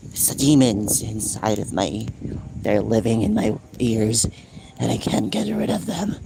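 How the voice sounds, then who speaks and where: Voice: mid-range voice, expressive, unhurried, vocal fry, pitched below the performer's own voice. A streamer putting on a creepy, strained voice of someone possessed by demons, heard over faint background noise. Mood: eerie. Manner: eerie, strained.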